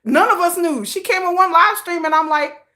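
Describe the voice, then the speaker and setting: A woman's voice: very high-pitched, normal speed. A woman hosting a casual K-pop livestream, reading viewer comments in a sassy, slangy manner and laughing often. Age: adult, old enough to have a teenage child. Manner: sassy and animated, with slangy put-downs and frequent laughter.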